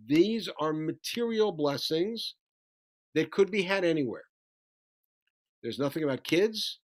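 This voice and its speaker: A man teaching a Bible study lesson, animated as he retells the story, reading Hebrew verses and translating them. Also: a little high, measured pace. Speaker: Torah teacher.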